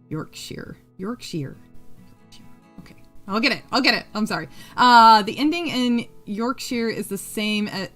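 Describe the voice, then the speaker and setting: Woman, West Coast accent, crochet streamer, giggly, swears, counts stitches aloud. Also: mid-range voice. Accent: US Pacific Coast. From US Pacific Coast. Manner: giggly, swears freely, counts stitches under her breath. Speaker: crochet livestream host. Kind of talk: casual chat while crocheting, reading chat aloud.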